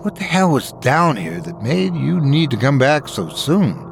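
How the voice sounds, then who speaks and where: A man voicing a tough male diver who talks bluntly and gruffly. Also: mid-range voice, big pitch swings, measured pace, slight background noise, pitched above the performer's own voice.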